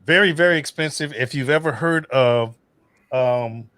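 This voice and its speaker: A man's voice: mid-range voice, normal speed, a bit bright. A man hosting a casual livestream chat, telling rowdy stories about drinking and swearing freely. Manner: loose, swearing, storytelling with drinks. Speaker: host of a cooking channel livestream.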